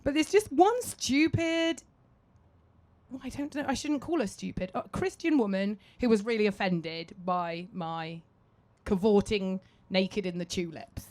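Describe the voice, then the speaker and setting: A British woman speaking as a guest on a live stage, telling self-mocking stories in a lively way and laughing often. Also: medium pitch, moderate pace. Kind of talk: lively anecdotal stage talk.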